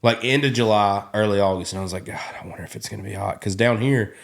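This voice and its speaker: Southern guy hosting a podcast, lively storyteller, laughs a lot. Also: lowish voice, fast, creaky. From Gulf Coast of Alabama. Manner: animated storyteller, laughs often. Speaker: podcast host. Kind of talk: casual chat.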